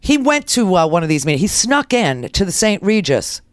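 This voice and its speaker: A woman's voice: fairly low pitch, big pitch swings, normal speed, dry recording, clean studio sound. A middle-aged woman hosting a political talk radio show, ranting in a blunt, sarcastic and crude way.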